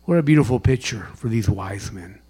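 A man giving a sermon as a chaplain, with dramatic storytelling, sudden loud bursts and hushed whispers. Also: on the low side, expressive, fairly quick, breathy edge.

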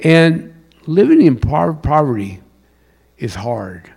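A male pastor from South Carolina delivers a sermon in a Southern US accent. His voice sits a little high for a man, and he moves between loud, driving lines and low, quiet ones as he preaches. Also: big pitch swings, slow, creaky, slightly rough. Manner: preaching with wide swings in pitch and loudness.

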